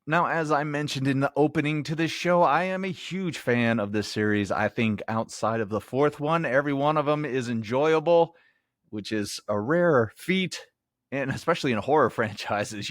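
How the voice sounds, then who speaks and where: A man's voice: mid-range voice, dry recording. Man, podcast host, chatty movie review, laughs a lot, dry close sound. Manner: chatty, self-deprecating, laughs often. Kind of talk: casual movie review monologue. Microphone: headphones, home podcast mic.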